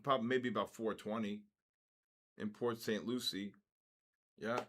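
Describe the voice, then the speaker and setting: A man's voice: fairly low pitch, steady tone, unhurried, a bit bright, slight background noise. A man in his early sixties hosting a live trading stream, chatting loosely with viewers and jumping between stories and market calls. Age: 60s. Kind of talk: casual live-stream chat.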